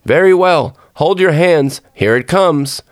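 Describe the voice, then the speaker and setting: A man's voice: on the low side, expressive, normal speed, no room sound, clean studio sound, natural voice. A man voicing a tiny, bold and playful boy in a storybook reading, with a chirpy, cheeky voice. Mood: bawling.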